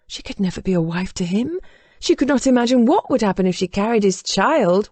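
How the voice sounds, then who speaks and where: A woman narrating a historical romance audiobook in an expressive, scripted reading style. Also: medium pitch, fairly quick, no room sound.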